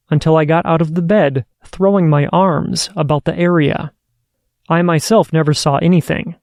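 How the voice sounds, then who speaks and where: A man hosting a podcast, reading listener stories aloud in a steady, earnest way. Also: a little high, no echo, clean studio sound. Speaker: podcast host.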